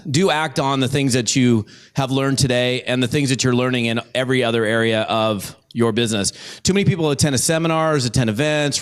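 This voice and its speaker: A man speaking on a business panel, earnestly rattling off a punchy list of dos and don'ts. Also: mid-range voice. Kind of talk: motivational speech.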